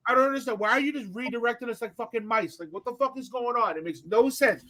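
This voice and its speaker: A man holds forth on a podcast. He rants in a profane, animated way and breaks into shouts now and then. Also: very high voice, quick pace, crowd noise. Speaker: podcast host. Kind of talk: casual chat.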